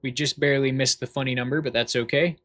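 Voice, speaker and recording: A man's voice: mid-range voice, steady tone, fast, fairly bright tone. A man livestreaming a farming game, chatting casually in a goofy, self-deprecating, rambling way. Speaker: streamer. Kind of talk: casual livestream chat while gaming.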